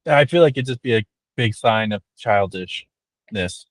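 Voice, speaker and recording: A man's voice: on the low side, animated, unhurried, dry recording. A man in a casual panel chat over a video call, thinking aloud in a rambling, reflective way.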